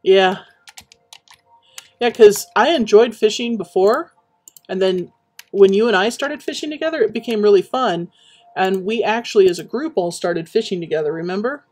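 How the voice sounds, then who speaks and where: A woman chatting casually while building in a game, rambling and reminiscing with many pauses and fillers. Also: medium pitch, a little mellow. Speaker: Minecraft streamer.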